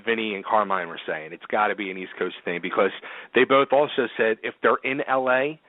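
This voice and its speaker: A man's voice: on the low side, a little fast, no room sound. A man with a Philadelphia accent hosting a casual interview, asking rambling questions full of fillers. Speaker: interview host. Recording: dry, phone-like line.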